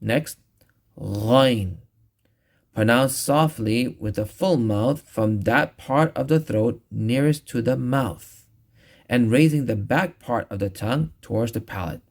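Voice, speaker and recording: Slow, gravelly man teaching recitation. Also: medium pitch. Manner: patient, repeats each sound slowly. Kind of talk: recorded tajweed lesson.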